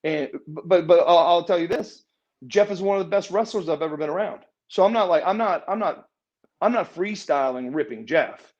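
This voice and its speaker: A man telling a backstage story in a casual interview, acting out other people's lines as he goes. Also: normal speed. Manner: animated, acts out quotes with raised pitch. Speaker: interview guest, former wrestler. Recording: muffled lo-fi audio.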